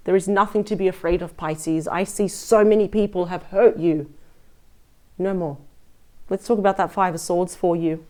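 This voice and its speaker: A woman's voice: medium pitch, normal speed, a little mellow. A woman giving a casual, effusive and chatty tarot reading as the host of her channel. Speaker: tarot reader.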